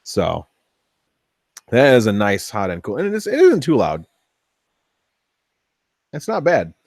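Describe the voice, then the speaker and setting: A man hosting a casual workshop build vlog, chatty and thinking aloud as he tests his machine, easily excited when something works. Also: medium pitch, unhurried, dry recording. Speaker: 3D printing hobbyist host.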